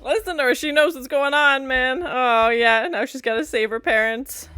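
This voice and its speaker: A woman with a slightly high voice talks through an episode as it plays, in a casual, playful commentary. She laughs and jokes between remarks. The show's soundtrack runs clearly beneath her voice. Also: normal speed. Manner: chatty, laughing, playful asides. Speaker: reaction video host. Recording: music from the show playing behind.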